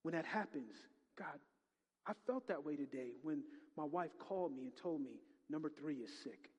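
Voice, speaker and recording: A middle-aged male pastor delivers a lively sermon in a fairly high voice. He drops to quiet prayer and then bursts out loudly. His words ring with the long reverb of a big church hall. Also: moderate pace, husky. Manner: animated, swings from hushed prayer to loud exclamations.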